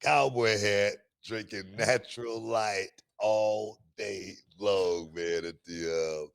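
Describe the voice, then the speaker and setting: A middle-aged man co-hosting a podcast, telling stories in a loud, animated way with lots of slang and laughter. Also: on the low side, slow pace, creaky. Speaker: podcast co-host. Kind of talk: casual storytelling chat.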